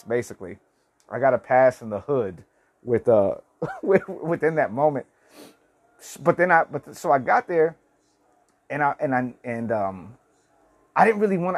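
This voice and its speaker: A man in his forties telling a story in a casual vlog, rambling and swearing with many restarts. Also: medium pitch. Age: 40s. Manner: rambling, profane, lots of restarts. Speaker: vlogger.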